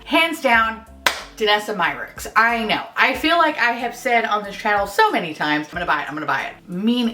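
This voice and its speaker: A woman's voice: mid-range voice, distant mic. A woman talking through a casual beauty vlog at home in a put-on Minnesota accent, sarcastic, swearing freely, and poking fun at herself. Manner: sarcastic, profane, self-mocking. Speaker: beauty vlogger. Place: at home in her apartment.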